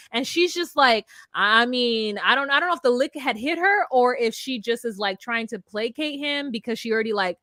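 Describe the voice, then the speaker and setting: A woman co-hosting a podcast, casually recapping a reality show, animated and outspoken, swearing freely. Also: sits high, normal speed, few pauses, no echo, clean studio sound. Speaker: podcast co-host.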